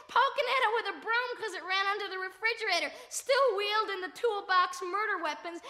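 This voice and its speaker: A woman telling a profane spoken-word story, breathless and building up to yelling. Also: very high voice. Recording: long hall reverb.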